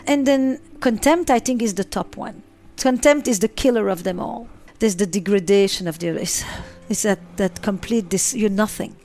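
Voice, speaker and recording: A woman's voice: medium pitch, moderate pace, few pauses, dark tone, faint music behind. A middle-aged woman speaks as a psychotherapist in an interview. Her delivery is emphatic, and she often repeats a phrase to drive it home. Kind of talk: interview answers.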